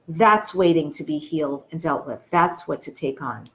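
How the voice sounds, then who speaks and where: A woman's voice: sits low, moderate pace, lo-fi sound. Earnest woman coaching through feelings. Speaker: host. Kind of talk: spiritual self-help talk to camera. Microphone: webcam or phone video.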